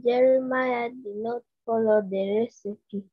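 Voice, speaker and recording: A woman's voice: a little high, steady tone, slow. A young pupil reading sentences aloud for her teacher, careful and hesitant. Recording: tinny phone-like video call line.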